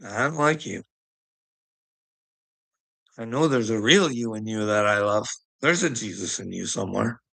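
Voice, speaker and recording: A man's voice: lowish voice, moderate pace, creaky, pauses often, a bit bright. A middle-aged man in a swearing, ranting monologue who taunts his listener as "bud" and keeps breaking into laughter. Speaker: vlogger.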